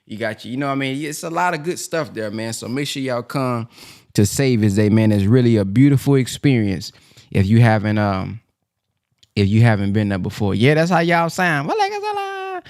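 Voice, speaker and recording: A man's voice: mid-range voice, moderate pace, darkish tone. A man hosting a casual talk show, joking and slangy in his speech. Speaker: host. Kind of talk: casual chat.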